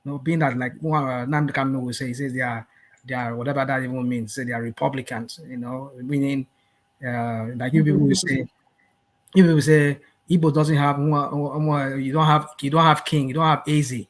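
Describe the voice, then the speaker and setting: A man's voice: mid-range voice, fairly even intonation. Hesitant older man. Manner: hesitant, many fillers and restarts, measured. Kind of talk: heated live panel debate.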